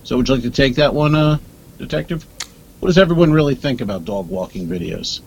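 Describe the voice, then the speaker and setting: A man's voice: mid-range voice, animated, quick pace, vocal fry, slightly rough, lo-fi sound. A man co-hosting a comedy podcast, telling stories in a dry, rambling way with lots of asides. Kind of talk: casual comedic chat. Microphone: earpiece at a desk.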